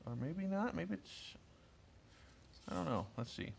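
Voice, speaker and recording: A man's voice: a little high, very animated, measured pace, vocal fry, a little hiss or hum. A man in his thirties casually rambling as he opens trading cards, chatty and enthusiastic, with lots of asides and fillers. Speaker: card collector opening packs. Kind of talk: casual rambling commentary while opening cards.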